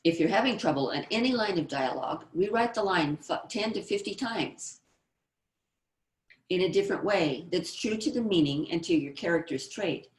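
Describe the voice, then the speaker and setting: Female presenter, deep register, explanatory lecture delivery, echoey room sound. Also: lively intonation, moderate pace. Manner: explanatory, reads out example lines. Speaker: screenwriting presenter. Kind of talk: instructional presentation.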